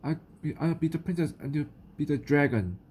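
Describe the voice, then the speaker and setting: A woman's voice: low voice, a little fast, breathy edge. A woman with a New Zealand accent voicing an eager, pleading little girl witch in a children's picture book read aloud. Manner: pleading, excitable.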